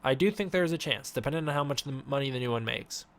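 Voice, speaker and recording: A man hosting a casual live-stream Q&A, giving offhand, halting answers to chat questions. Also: mid-range voice, animated. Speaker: host.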